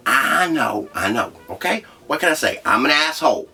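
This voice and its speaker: An actor playing a crude, rambling trailer park leader who hosts a comedy show, with a profane way of talking. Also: male voice, medium pitch, big pitch swings, normal speed, vocal fry, bright, forceful tone, breathy edge, exaggerated voice. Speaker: comedy show host character. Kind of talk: scripted comedy monologue.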